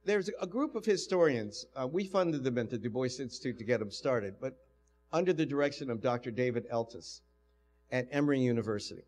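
A man's voice: medium pitch, brisk. An older man from the United States telling stories in a university lecture and acting out the voices he quotes. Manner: storytelling, animated, acts out quoted voices. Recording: lecture hall with long reverb.

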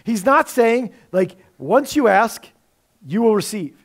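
A man's voice: high-pitched, expressive, takes it slowly. A male pastor preaching a sermon in a conversational way, with rhetorical questions.

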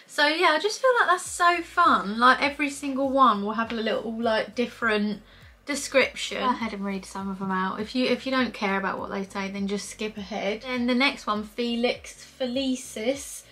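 Young woman gushing over makeup on her channel, bright voice, kinda high, lots of "like"s. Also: moderate pace. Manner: excitable, chatty, many fillers like "like". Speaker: beauty vlogger. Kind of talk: casual product review.

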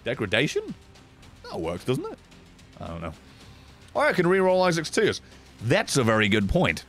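A young man commentating his own gameplay on a live stream, profane and animated, grumbling then yelling at the game. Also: on the high side. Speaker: gaming streamer. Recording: game music behind voice.

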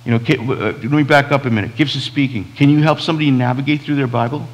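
A man's voice: mid-range voice, steady tone, quick pace, long reverb tail, low-quality recording. A man, a pastor preaching a sermon in a conversational way, full of restarts and quoted asides. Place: church sanctuary.

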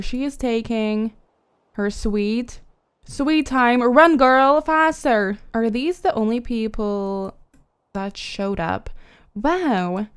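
A woman's voice: on the high side, clean tone. A woman giving chatty, giggly commentary as she plays a life-simulation game and talks to her characters. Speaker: gaming YouTuber. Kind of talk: casual let's-play commentary.

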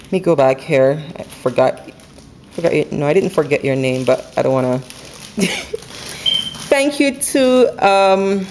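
A woman chatting casually at home about her couponing haul, running through prices quickly and laughing now and then. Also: a bass voice, noisy background. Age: adult with school-age kids. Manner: chatty, quick, runs numbers aloud, laughs often. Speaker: couponing vlogger. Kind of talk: casual haul video chat. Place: home, indoors.

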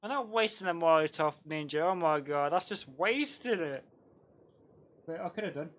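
A man chatting casually while streaming a video game, excitable and laughing often. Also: fairly high pitch, normal speed.

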